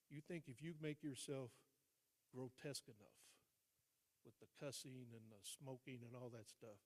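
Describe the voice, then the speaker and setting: Older man telling a story in a hall. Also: medium pitch. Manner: storytelling, acting out dialogue, dropping to quiet emphasis. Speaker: guest speaker. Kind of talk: motivational storytelling speech. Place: large hall. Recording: long hall reverb.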